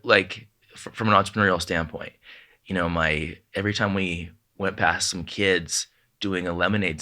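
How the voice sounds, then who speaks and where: A man, a podcast guest, telling heartfelt personal stories in a halting way, with many restarts and quoted voices of his parents. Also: low voice, pushed and bright. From Southern California. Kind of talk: emotional personal storytelling.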